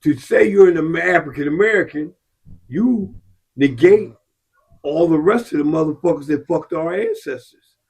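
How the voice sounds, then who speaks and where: A man's voice: fairly high pitch, normal speed, darkish tone. A man in casual conversation, blunt and profane, speaking in short emphatic bursts.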